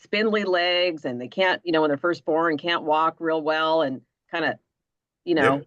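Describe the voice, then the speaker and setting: A woman's voice: sits low, moderate pace, fairly bright tone, no room sound. A woman hosting a podcast, close to tears, her voice dry and dull like a lo-fi recording. She talks earnestly and circles around with "you know" and "like" as she sorts out her feelings. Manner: earnest, rambling with fillers. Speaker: podcast host, mother. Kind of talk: casual conversation. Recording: dull lo-fi sound.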